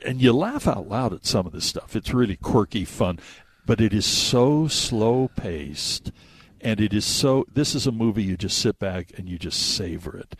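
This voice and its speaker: A man hosting a casual radio chat about movies, telling the story with animated acted-out quotes. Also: on the low side, husky, no room sound. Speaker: radio host.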